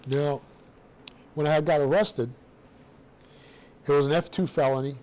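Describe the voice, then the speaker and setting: A middle-aged man telling his own story to a room of students in a blunt, streetwise, animated way, with casual slang. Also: on the high side, moderate pace. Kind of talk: personal storytelling talk to students.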